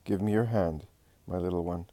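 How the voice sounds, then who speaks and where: A man reading the lines of a gentle, solemn male healer who speaks softly and tenderly. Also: sits low, normal speed, dry recording, natural voice. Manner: soft and tender, then commanding.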